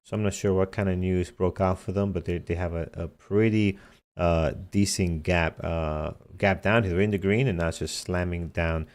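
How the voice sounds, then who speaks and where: A man with a very low voice hosts a live stock trading show. He talks casually through the morning's gappers, spelling out ticker letters and telling viewers to be careful. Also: steady tone, moderate pace. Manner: casual, reads tickers aloud, repeated cautions. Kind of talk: live market commentary.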